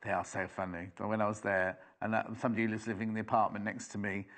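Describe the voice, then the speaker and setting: A man's voice: fairly low pitch, flat delivery, fast talker, fairly bright tone. A British man presenting live on a TV shopping channel, chatty and enthusiastic with rambling asides.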